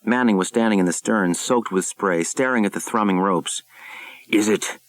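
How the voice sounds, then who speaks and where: A man narrating an audiobook in a measured, dramatic storytelling manner, recorded close to the mic. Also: fairly low pitch, no echo, low-quality recording.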